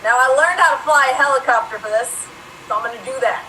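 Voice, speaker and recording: A woman's voice: high-pitched, fast talker, bright, forceful tone, reverberant, distant mic, a little hiss or hum, rough recording. A woman doing a boastful male action star. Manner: boastful, swaggering.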